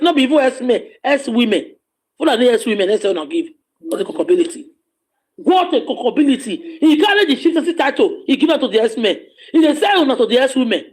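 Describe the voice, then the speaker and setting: Nigerian man, strikingly high voice, playful teaser who laughs a lot and shouts out now and then. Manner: teasing, laughing often, loud bursts. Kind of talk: joking casual banter.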